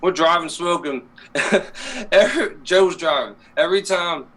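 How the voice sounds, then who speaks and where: A man's voice: fairly high pitch, moderate pace, fairly bright tone. A young man co-hosting a casual live-stream chat show, telling stories animatedly and laughing often. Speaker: co-host.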